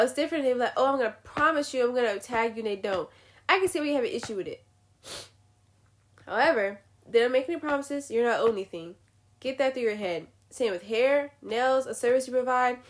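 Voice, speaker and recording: A young woman giving blunt, profane opinions in a casual rant to the camera. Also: on the high side. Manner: blunt, swearing, animated ranting. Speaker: vlogger.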